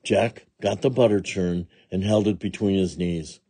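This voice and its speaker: A man reading a children's storybook aloud in a slow, gentle and expressive way, with a husky voice. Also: low-pitched, no room sound. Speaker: storybook reader.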